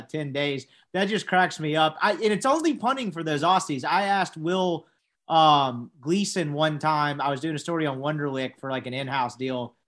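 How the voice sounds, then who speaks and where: A man's voice: fairly high pitch, fairly bright tone. A man co-hosting a casual sports podcast, conversational and full of questions for his co-host.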